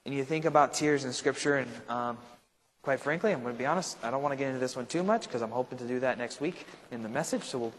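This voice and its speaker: Man teaching Bible study, reverberant room. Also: mid-range voice. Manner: conversational, checks in with frequent "right?"; thinks aloud with restarts and asides. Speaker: pastor.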